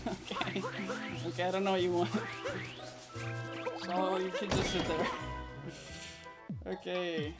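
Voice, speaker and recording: Laughing, excitable young man streaming. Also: high-pitched, takes it slowly, long pauses, loud music behind the voice. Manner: excitable, self-mocking, laughs often, talks to chat. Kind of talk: casual live-stream chat while gaming.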